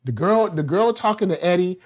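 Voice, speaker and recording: A man co-hosting a laid-back show review, joking and acting out scenes as he talks. His voice leaps up and down in pitch, and he speaks colloquially and loosely. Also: brisk, muffled recording. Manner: animated, acts out scenes in silly voices. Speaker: podcast co-host. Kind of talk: casual TV review chat.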